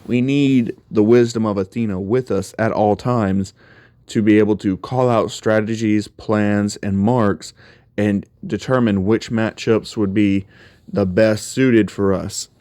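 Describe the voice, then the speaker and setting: A man's voice: fairly low pitch, fairly even intonation, unhurried, dark tone, no echo, natural voice. A man voicing a stern, commanding male king of the gods who scolds bluntly and swears.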